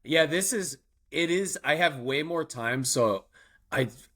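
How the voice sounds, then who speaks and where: A man's voice: a little high, expressive, slow pace, a bit bright. A touring guitarist, a man, telling stories in casual chat, rambling with lots of "like" and frequent laughter.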